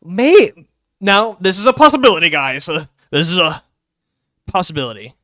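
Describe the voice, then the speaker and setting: A young man streaming live, chatting excitably and rambling about game lore. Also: sits high, no echo, clean studio sound. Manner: excitable, rambling, quick bursts of laughter.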